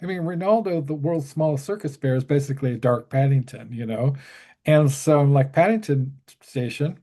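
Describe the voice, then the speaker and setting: A man with a mellow, darker tone tells a casual story as a guest on a talk show. He trips over his words with many restarts and fillers but stays eager and lively. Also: medium pitch. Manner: halting, full of restarts and fillers. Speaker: guest, musician and horror author.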